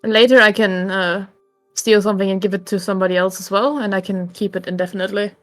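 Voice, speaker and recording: A woman chatting as a tabletop game player, quick and teasing. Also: medium pitch, fairly even intonation, fairly bright tone, soft background music. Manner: quick, teasing, laughs easily. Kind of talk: casual tabletop game chat.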